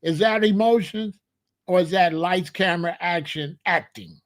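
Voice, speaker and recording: A man's voice: sits high, unhurried. A man hosting his own commentary, arguing emphatically with rhetorical questions and repeated points. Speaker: commentary host. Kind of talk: casual spoken commentary.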